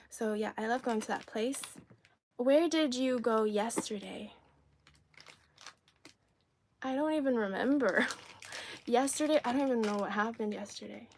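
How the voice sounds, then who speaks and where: A woman's voice: on the high side, slight background noise. A woman from China whose first language is Cantonese, hosting a casual livestream and chatting through a snack taste test while answering viewers' comments. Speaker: livestream host.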